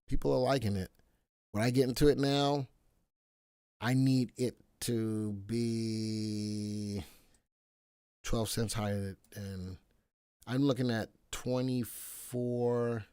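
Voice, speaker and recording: A man hosting a live stock analysis stream, animated, thinking aloud and repeating his own phrases. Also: mid-range voice, dry recording, studio quality. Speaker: stock market show host.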